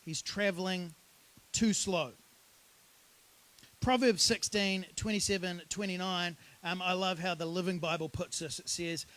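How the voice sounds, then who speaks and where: Male pastor preaching, kinda high voice, super casual storytelling vibe. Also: a little slow, rough recording. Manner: casual, conversational, animated storytelling. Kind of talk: sermon.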